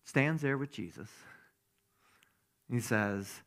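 A man's voice: mid-range voice, lively intonation, unhurried. A man giving a conversational sermon as a pastor, who keeps asking his listeners rhetorical questions.

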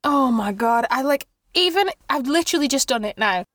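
A woman's voice: high-pitched, animated, brisk, fairly bright tone, no echo. A young woman with a Northern English accent, chatting and laughing as she narrates a tabletop game as game master over a call.

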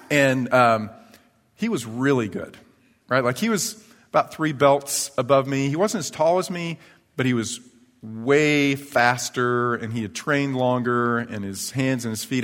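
A male pastor giving a sermon in a chatty storytelling way, growing lively as he tells personal stories. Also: medium pitch. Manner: conversational storytelling, animated when telling anecdotes. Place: church sanctuary. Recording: church hall reverb.

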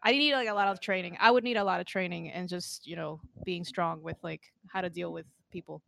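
A woman's voice: lowish voice, steady tone, brisk, gravelly, fairly bright tone, a little hiss or hum. Giggly rambling young woman streamer. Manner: giggly, rambling, lots of fillers. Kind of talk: casual chat.

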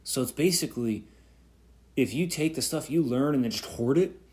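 A man's voice: medium pitch, moderate pace, a little mellow. Reflective man musing on his podcast. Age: 30s. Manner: reflective, rambling with fillers and restarts. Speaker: podcast host. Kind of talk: solo podcast talk.

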